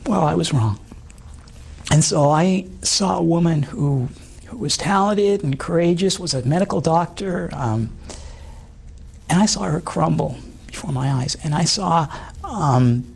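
A middle-aged man, the guest in an interview, gives an earnest personal testimony in a hoarse voice. He halts often and uses many fillers, speaking a little high and expressively.

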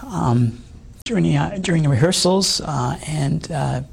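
A middle-aged man with a hoarse voice, giving an earnest personal testimony in an interview, halting with many fillers. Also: fairly high pitch. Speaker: guest.

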